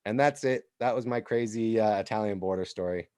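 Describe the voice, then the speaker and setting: Man from the united states, podcast co-host, rambling casual storytelling, deep voice, dry close sound. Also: brisk, dark tone, dry recording. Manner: rambling, with frequent restarts and laughs.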